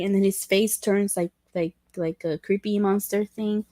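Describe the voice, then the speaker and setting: Woman, livestream host, casual rambling chat, halting restarts, self-deprecating, dry close sound. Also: medium pitch, steady tone, no echo. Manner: candid and self-deprecating, with soft laughs. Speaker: livestream host chatting with viewers.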